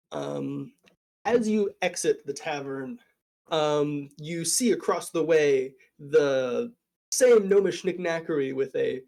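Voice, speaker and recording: Unhurried game master narrating, many ums. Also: mid-range voice, vocal fry, dark tone. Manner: unhurried, filler-heavy improvised narration.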